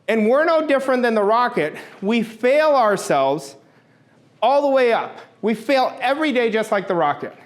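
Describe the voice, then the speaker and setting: Speaking to a crowd as a motivational speaker, this middle-aged man has a very high, animated voice and a normal pace. His delivery is blunt and emphatic, with repeated points and the occasional curse.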